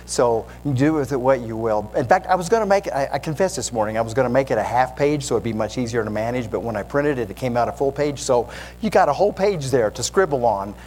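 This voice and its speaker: A man's voice: mid-range voice, animated, fast talker, darkish tone, slight background noise, poor audio. A man preaching as a guest pastor, candid and self-deprecating, with conversational asides. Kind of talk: sermon.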